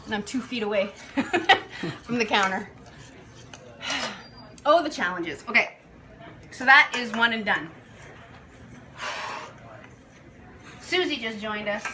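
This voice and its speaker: A woman's voice: fairly high pitch, expressive, a little fast. A woman hosting a casual live cooking demo, chatty and full of fillers, talking to viewers as you guys. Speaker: cooking show host. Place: kitchen counter. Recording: clattering kitchen dish noise. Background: cutlery and pot clatter.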